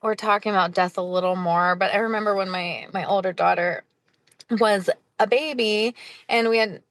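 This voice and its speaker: A woman who hosts a podcast and works as a hospice nurse chats casually in an interview, laughing often and using fillers. Her mid-range voice is fairly bright and even in intonation, at normal speed with no echo.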